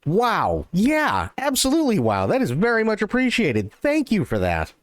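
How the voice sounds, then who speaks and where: Field: animated, excitable male streamer. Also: high-pitched, normal speed, dry recording. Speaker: live streamer. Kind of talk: casual live stream chat and joke telling.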